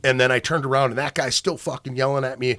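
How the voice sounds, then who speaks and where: A man's voice: mid-range voice, steady tone, quick pace, fairly bright tone, no room sound. A man hosting a podcast, telling a long profane story in casual chat. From Minnesota. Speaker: podcast host.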